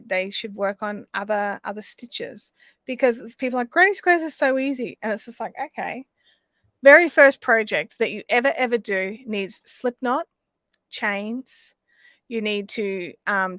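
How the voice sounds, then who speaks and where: A woman's voice: medium pitch, a bit bright, dry recording. An Australian woman hosting a live craft stream, chatting casually and rambling as she reads out viewer comments.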